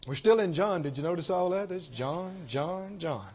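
A man preaching a sermon as pastor, swinging from loud declarations to soft pleading, with repetitive call-and-response. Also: high-pitched, expressive, normal speed, breathy edge, lo-fi sound.

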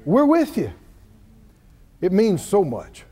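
A man preaches in a very high, lively voice that rises and drops as he acts out each person in the story. His sermon rings with the long reverb of a large hall. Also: slow pace. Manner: animated storytelling, acting out voices with big pitch swings.

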